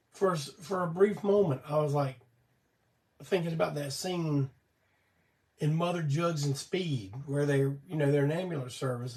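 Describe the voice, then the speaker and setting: The host of a weekly live show, a gravelly older man, tells rambling, folksy stories on a livestream, swearing casually. His voice is a little high and weak from illness and cough syrup, and he sounds far from the mic.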